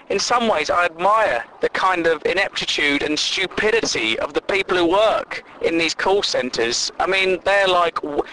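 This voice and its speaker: A man's voice: sits high, pushed and bright, slight background noise, poor audio. A young man delivering a sweary, sarcastic comic rant full of exasperation. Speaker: vlogger.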